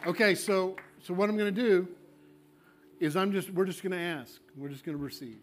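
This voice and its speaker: Fervent pastor, fairly high voice. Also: male voice, moderate pace, slight background noise. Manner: coaxing, repetitive, fervent prayer. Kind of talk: sermon with altar call and prayer. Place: church sanctuary.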